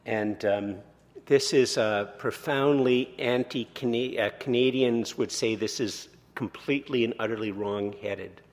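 A man in his sixties, a pastor preaching a sermon, conversational and self-deprecating, slowing down to read scripture. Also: medium pitch. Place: church sanctuary. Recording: long reverb of a church hall.

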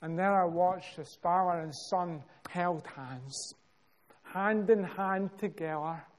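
Slow, measured Scottish preacher. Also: male voice, high voice. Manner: slow, measured delivery with dramatic pauses and rising emphasis. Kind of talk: sermon storytelling.

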